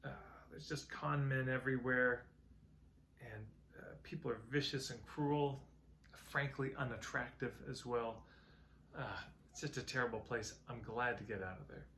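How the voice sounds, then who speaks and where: A man voicing a bitter traveler who gripes about the people back home, with a gravelly voice. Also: medium pitch, steady tone, normal speed, pushed and bright, slight background noise. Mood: griping. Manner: complaining, griping. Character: bitter male traveler, sour about everyone.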